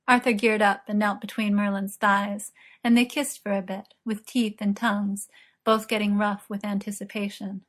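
Calm woman narrating an audiobook. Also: mid-range voice, normal speed. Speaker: audiobook reader. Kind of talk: scripted narration.

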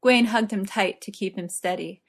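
A woman reading a story aloud in an even, measured way. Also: mid-range voice. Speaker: narrator.

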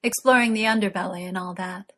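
A polite, reserved young man with a dry, measured and faintly formal way of speaking, as a woman narrator puts him on in a storybook reading. The pitch sits mid-range. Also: steady tone, a bit bright, natural voice. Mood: wry.

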